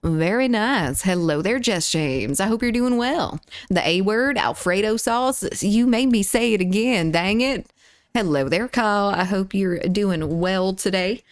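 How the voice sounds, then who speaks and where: A woman with a Southern US accent from the Deep South, chatting casually on a live stream, greeting viewers, reading chat aloud and giggling. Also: clean tone, no echo, clean studio sound. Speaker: livestreamer.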